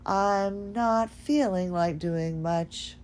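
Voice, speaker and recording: A woman putting on the voice of an older woman who talks slowly and hesitantly, in a soft, low-energy way. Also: slight background noise. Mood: weary. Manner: slow, hesitant, soft-spoken.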